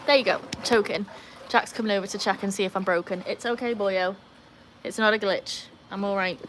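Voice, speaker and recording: A woman's voice: mid-range voice, steady tone, brisk, fairly bright tone, slight background noise. A woman from the UK with a British accent, hosting a casual livestream at home, chatting upbeat and rambling while reading viewer comments aloud and talking to her dogs. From United Kingdom. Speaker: livestream host.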